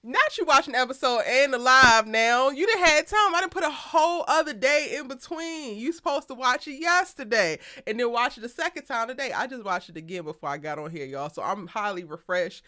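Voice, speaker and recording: A woman hosting a live TV show recap, talking in an animated, slangy, emphatic way and laughing often. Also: high voice, a little fast, hardly any pauses, dry recording, studio quality. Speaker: TV show aftershow host.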